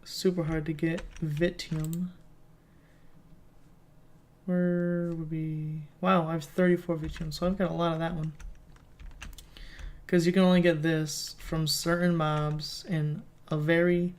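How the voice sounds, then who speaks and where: A man's voice: fairly high pitch, level tone, unhurried, long pauses. A man giving casual gameplay commentary as a let's play host, rambling and thinking aloud as he plays.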